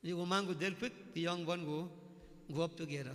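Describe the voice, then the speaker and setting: A man's voice: a little high, fairly even intonation, a little fast, long reverb tail. A man preaching a sermon, telling folksy stories with jokes. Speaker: religious leader.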